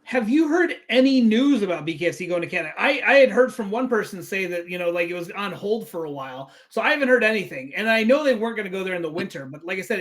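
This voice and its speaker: A man's voice: high-pitched, a bit bright. A man hosting an interview, asking questions in a chatty, casual way over a video call. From United States. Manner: chatty, friendly, with many fillers. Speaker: interviewer and host.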